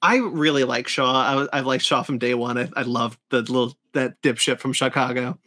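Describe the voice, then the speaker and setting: A man's voice: mid-range voice, fairly even intonation, normal speed, pushed and bright. A man hosting a podcast, chatting casually and with strong opinions, full of fillers and restarts. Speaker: podcast host. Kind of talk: casual review chat.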